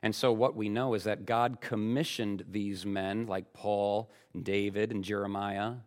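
A man's voice: on the low side, steady tone, measured pace, a little mellow. Emphatic man preaching a sermon. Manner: emphatic, rhetorical questions to the congregation. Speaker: pastor.

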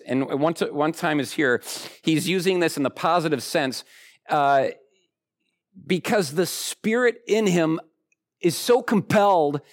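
Male pastor, slightly higher voice, conversational sermon delivery with lively pitch swings. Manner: animated, conversational preaching with big swings in pitch.

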